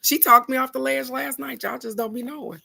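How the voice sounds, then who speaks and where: A woman's voice: sits high, steady tone, fairly quick, vocal fry, heavy background noise. A woman hosting a casual live oracle card reading, chatting with viewers, laughing often and reading each card's text aloud.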